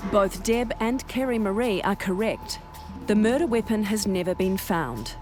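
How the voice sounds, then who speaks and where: A woman giving scripted documentary narration in a measured, even way. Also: mid-range voice, soft background music.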